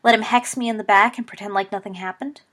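A woman voicing a brash, defiant teenage schoolboy who answers with sharp retorts. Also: mid-range voice, lively intonation, moderate pace, natural voice.

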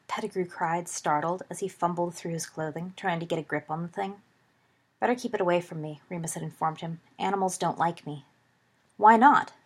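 A woman narrating a story aloud in a calm, even reading style. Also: on the low side. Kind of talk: audiobook reading of fan fiction.

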